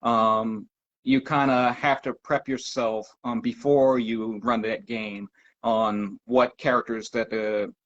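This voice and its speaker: A man talking casually as a podcast guest, pausing often with ums. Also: medium pitch, little pitch movement, a bit bright. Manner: halting, many ums. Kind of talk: casual conversation. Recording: dull lo-fi audio.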